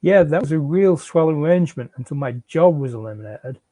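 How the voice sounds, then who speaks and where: A man's voice: on the high side, lively intonation, fairly quick, dark tone, dry recording. A man reading the part of a defensive, out-of-work young father who stammers and pleads with his wife. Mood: pleading. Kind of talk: live fiction reading.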